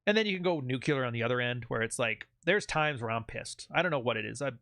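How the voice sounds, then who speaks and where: A man's voice: mid-range voice, lively intonation, fast talker, pushed and bright, no echo, clean studio sound. A man hosting a channel, giving blunt, profane advice in a casual monologue. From Canada. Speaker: channel host.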